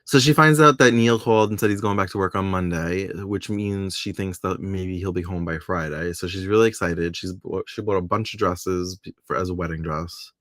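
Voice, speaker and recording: Deep-voiced man in casual, laughing chat. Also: a little fast, hardly any pauses, a bit bright, no room sound, studio quality. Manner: chatty, laughs often, quotes characters in a playful voice. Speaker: podcast co-host. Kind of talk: casual chat recapping a soap opera.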